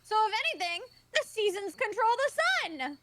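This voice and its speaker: A woman's voice: extremely high pitch, lively intonation, brisk, background noise. A woman playing a tabletop game, joking and bantering casually with the table. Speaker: player.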